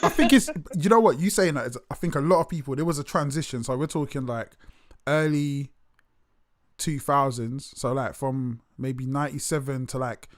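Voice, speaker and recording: A man interviewing in casual chat and telling stories with lively acted-out quotes. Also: mid-range voice, normal speed. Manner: animated storyteller, acts out other voices, swears casually.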